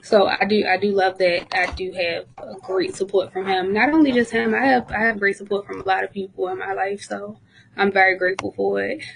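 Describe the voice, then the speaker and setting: A woman's voice: medium pitch, level tone, a little fast, creaky, a little hiss or hum, poor audio. Female guest, unwell, calling in from a hospital room, candid and talkative. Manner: candid storytelling, many "like"s. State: ill, in a hospital bed. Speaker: podcast guest. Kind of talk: casual interview chat.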